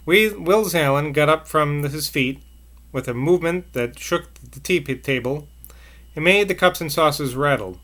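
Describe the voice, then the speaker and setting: Male narrator reading a novel aloud; measured, bright, sharp. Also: fairly high pitch. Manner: measured with small slips and asides.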